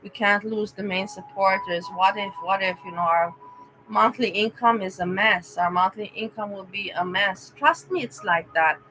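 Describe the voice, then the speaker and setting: A woman's voice: medium pitch, normal speed, noisy background. A woman vlogger chatting casually and emotionally with live viewers, rambling and addressing chatters by name. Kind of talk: casual livestream chat.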